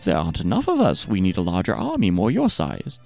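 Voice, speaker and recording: A man's voice: sits low, huge pitch swings, fairly quick, gravelly, a little mellow, faint music behind, full character voice. A man voicing a calculating stranger who proposes a deal in a dry, matter-of-fact way. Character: scheming male stranger, smooth and calculating.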